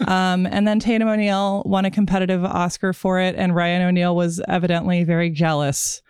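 A woman's voice: lowish voice, little pitch movement, brisk, darkish tone, smooth, dry recording, studio quality. A woman co-hosting a movie podcast, chatting casually and wandering into long, digressive stories. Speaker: podcast co-host. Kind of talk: casual chat about movies.

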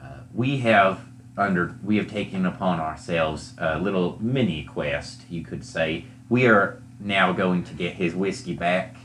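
A man's voice: deep voice, a little slow, a bit bright, a little hiss or hum. A man playing his cleric in a tabletop game, earnest and good-natured. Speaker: player. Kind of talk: in-character tabletop play.

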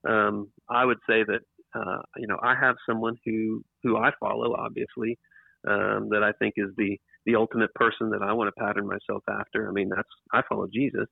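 A man's voice: lowish voice, level tone, a little fast, gravelly, husky, no echo. A man being interviewed about his book, talking in a rambling way with restarts and emphatic repeats. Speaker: author and interview guest. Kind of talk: casual interview talk. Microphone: computer microphone. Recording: tinny phone-like line, dry.

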